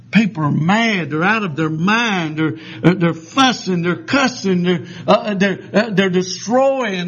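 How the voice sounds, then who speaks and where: A man's voice: sits high, a bit bright. An older man preaching a sermon, telling stories in a folksy way with many fillers and restarts. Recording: dull lo-fi sound.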